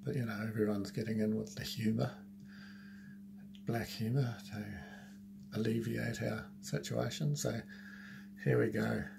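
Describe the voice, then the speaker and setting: A man casually introducing a song he wrote, soft-spoken and apologetic. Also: lowish voice, fairly even intonation, measured pace, creaky, pauses often, noisy background. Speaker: amateur singer introducing his song.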